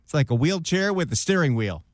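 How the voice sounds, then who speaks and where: Male radio co-host, animated delivery, a bit high, reads listener mail with a wry edge. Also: fairly quick, no room sound, clean studio sound. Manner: lively, wry, reads emails aloud. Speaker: radio talk show co-host. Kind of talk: casual radio banter, reading listener emails.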